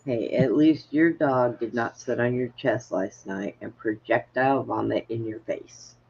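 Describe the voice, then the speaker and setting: Woman co-host, casual chat, husky voice, dull lo-fi sound, joking. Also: a bass voice, a little slow, a little mellow. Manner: joking, teasing.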